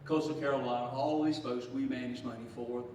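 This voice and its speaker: A man's voice: mid-range voice, steady tone, a little fast, a little mellow, slight background noise. Folksy Southern man in his sixties, echoey. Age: 60s. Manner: folksy storyteller, joking, chuckling. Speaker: state official. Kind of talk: speech to a group. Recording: echoey room from far off.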